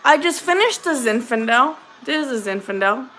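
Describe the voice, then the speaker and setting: A woman's voice: sits high, animated, moderate pace, a bit bright. A woman hosting a casual boxing livestream, talking bluntly and with a lot of profanity as she jokes and answers her chat. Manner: blunt, profane and joking, talks back to chat.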